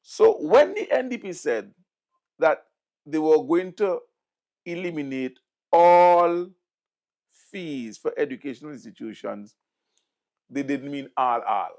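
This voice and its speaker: A middle-aged Vincentian man delivers sarcastic political commentary as a host, hammering single words over and over for emphasis. His voice is gravelly and fairly high for a man, and it leaps up and down with a lot of swing. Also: lively intonation, slow, pauses often, darkish tone. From St Vincent and the Grenadines.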